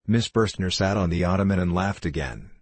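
Deep-voiced male audiobook narrator. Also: a little fast, no echo. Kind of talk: scripted narration.

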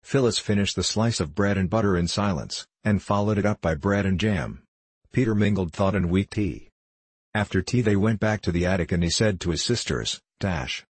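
A man narrating a classic children's story in a measured storytelling manner. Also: low voice, breathy edge, no room sound. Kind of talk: audiobook narration.

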